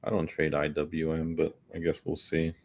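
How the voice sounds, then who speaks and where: A man's voice: extremely low pitch, completely flat delivery, normal speed, a bit bright. A man giving casual, profane, grumbling commentary as he day trades on stream. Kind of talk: casual live commentary while trading.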